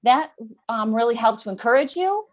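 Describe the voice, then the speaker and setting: A woman's voice: fairly high pitch, animated, moderate pace. Encouraging woman interview host. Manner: encouraging, short affirmations. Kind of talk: casual interview.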